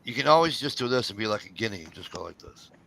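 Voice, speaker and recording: A man's voice: lowish voice, animated, quick pace, gravelly, pushed and bright, slight background noise. A man telling profane stories in casual chat among friends, acting out the back-and-forth of each exchange.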